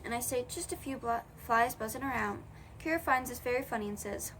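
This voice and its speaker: A woman's voice: on the high side, fairly quick, a bit bright, a little hiss or hum. A young woman reading a children's novel aloud in a casual way, correcting her own slips as she goes. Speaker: audiobook reader.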